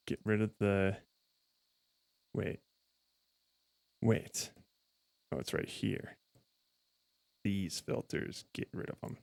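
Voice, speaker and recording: A man's voice: on the low side, gravelly, darkish tone, no echo. A man streaming a game, rambling and correcting himself as he stumbles over words. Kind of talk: casual gameplay commentary.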